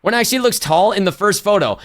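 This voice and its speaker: A male streamer talks casually with his chat, with loose slang and frequent self-corrections. His voice sits high for a man. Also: animated, quick pace, fairly bright tone. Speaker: livestreamer.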